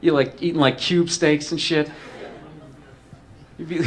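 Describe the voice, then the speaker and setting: A man's voice: fairly high pitch, fairly even intonation, unhurried. A man telling a comedic personal story in a rambling, profane way, full of "like" and "you know".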